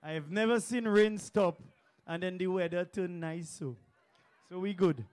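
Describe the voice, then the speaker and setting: A man's voice: sits high, measured pace, a little mellow. A man with a Dominican accent, an attorney, giving an earnest, rousing political speech at an outdoor rally. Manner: earnest, rousing, lists place names.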